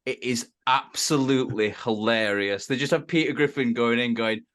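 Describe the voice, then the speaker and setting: A man's voice: medium pitch, a bit bright. A man co-hosting a casual movie podcast, joking and swearing freely. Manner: swearing, quick jokes. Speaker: podcast co-host. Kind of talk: casual movie review chat.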